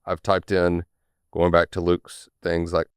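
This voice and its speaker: A man's voice: deep voice, completely flat delivery, a little slow, smooth, no room sound, studio quality. A man with a Southern US drawl, a sales manager chatting as a podcast guest, often repeating words and adding "right?". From Tennessee. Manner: repeats words often, frequent "right?" tags, laughs easily. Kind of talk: casual podcast chat.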